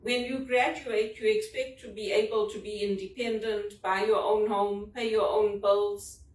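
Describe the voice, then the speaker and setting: A woman's voice: mid-range voice, fairly even intonation, a little slow. A woman from Zimbabwe, talking in an earnest, personal, reflective monologue about a leadership book. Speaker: vlogger discussing a leadership book. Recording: roomy sound from a distant mic.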